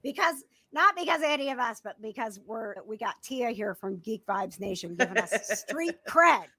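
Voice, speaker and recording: A woman from the Midwest with a Midwestern American accent, hosting a podcast in casual chat, bubbly and quick to laugh. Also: fairly high pitch, expressive, sharp tone, husky, no echo. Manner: bubbly, laughs often, talks up the show. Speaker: podcast host.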